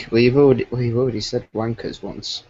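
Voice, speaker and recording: A man's voice: medium pitch, little pitch movement, fairly quick, a little mellow. A man co-hosting a casual online fan chat, laughing often and cutting in to ask others to hold on, on a dull lo-fi recording. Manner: laughs often, interrupts with "hang on".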